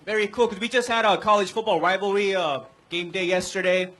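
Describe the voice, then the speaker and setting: Male stand-up comic, very high pitch, deadpan delivery on a live stage. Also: fairly quick. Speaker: stand-up comedian. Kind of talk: stand-up set. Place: live comedy venue.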